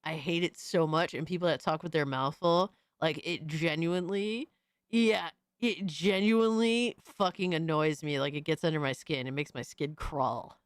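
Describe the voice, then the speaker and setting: A young adult woman streamer doing profane, excitable reaction commentary, often shrieking in disbelief. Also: low voice, normal speed, smooth, dry recording, studio quality.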